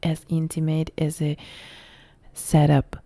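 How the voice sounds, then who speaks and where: A young Italian woman speaking in a soft whisper, her voice deeply dark and full of gravelly fry. She chats casually with viewers in a whispered role-play live stream, her English carrying a clear Italian accent, and the sound is dry and close. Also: monotone, takes it slowly, dry recording. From Italy. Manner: soft whispered chat reading viewer comments.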